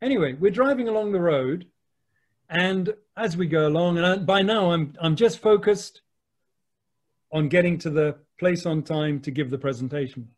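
An English man, a wildlife photographer, telling lively anecdotes with the odd mild swear word over a video call. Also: a little high, normal speed. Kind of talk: anecdotal storytelling.

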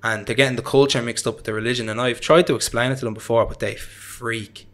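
A man's voice: medium pitch, fairly even intonation, fast, a bit bright. Young Irish man telling his story. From Ireland. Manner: rambling, chatty, with frequent fillers and self-deprecating laughs. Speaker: interview guest. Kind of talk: casual conversational storytelling.

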